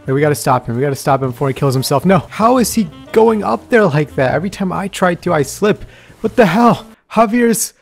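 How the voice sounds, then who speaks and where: Excitable man doing game commentary. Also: on the high side, a little fast, creaky, faint music behind. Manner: excitable, frequent laughs and exclamations. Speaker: gaming YouTuber. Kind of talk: let's play commentary.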